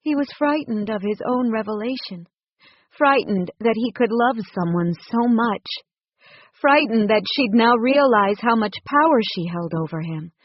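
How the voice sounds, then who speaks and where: A woman narrating an audiobook in a measured, gently expressive way. Her voice is husky and mid-pitched. The recording is dry with a dull, lo-fi sound. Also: no room sound. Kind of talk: scripted narration.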